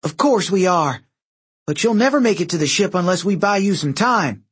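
Determined young female rider in an audiobook, steady commanding delivery, voiced by a man. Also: high voice, moderate pace, breathy edge, voice pushed up. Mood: resolute. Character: brave determined teenage girl cavalry rider.

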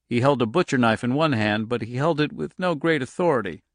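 A man reading a novel aloud in steady scripted narration. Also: medium pitch, brisk, no room sound, studio quality. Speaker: audiobook narrator.

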